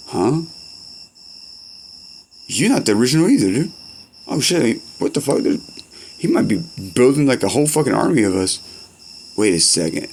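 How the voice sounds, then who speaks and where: A man's voice: medium pitch, sing-song, moderate pace, long pauses, darkish tone, slight background noise. A young man in rambling, profane comedy-skit banter, full of slang and back-and-forth.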